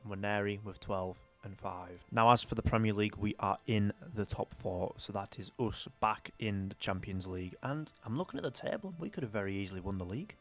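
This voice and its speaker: Chatty young man, lowish voice. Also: fairly quick, hardly any pauses, soft background music. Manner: chatty, rambling, mildly exasperated. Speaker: gaming YouTuber. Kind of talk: casual career-mode commentary.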